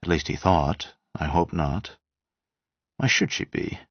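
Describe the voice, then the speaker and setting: A man voicing a quiet protective husband. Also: sits low, lively intonation, slow, breathy edge, no echo, exaggerated voice. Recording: dull dry lo-fi sound.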